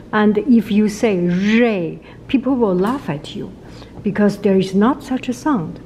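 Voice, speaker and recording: A woman with a Chinese accent teaches pronunciation in a casual video lesson. She talks slowly and patiently and repeats each sound again and again. Her voice is mellow, with faint noise behind it. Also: medium pitch, lively intonation, low-quality recording. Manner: repeats sounds many times, slow and patient.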